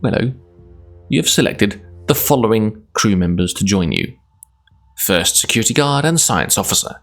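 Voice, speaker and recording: A man's voice: lowish voice, animated, moderate pace, gravelly. A Scottish man streaming live, reading a gamebook aloud in a chatty, self-deprecating way, laughing often.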